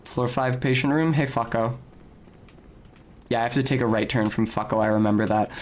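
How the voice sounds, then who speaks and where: A man commentates his own gameplay for a live stream, wry and chatty. He swears in passing and talks to the game's characters. His pitch sits in the middle of the male range. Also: steady tone, moderate pace. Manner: wry, self-narrating, swears casually.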